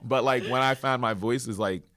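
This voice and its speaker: A man's voice: mid-range voice, moderate pace, noisy background. A man hosting a podcast, affirming and reflective as he sums up his guest's story. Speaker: podcast host. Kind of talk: casual interview.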